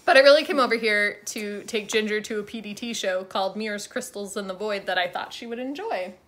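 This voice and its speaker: A woman's voice: medium pitch, brisk, fairly bright tone. A young woman chatting casually in a vlog at a friend's home, wry and self-deprecating, filming on a handheld phone. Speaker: vlogger. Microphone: handheld phone camera.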